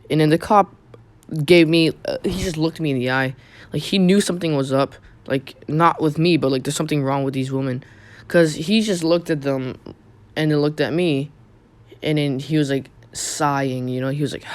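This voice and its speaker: A man's voice: mid-range voice, steady tone, normal speed. A young man casually telling a personal story on his channel, rambling with many fillers and restarts. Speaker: YouTube storyteller.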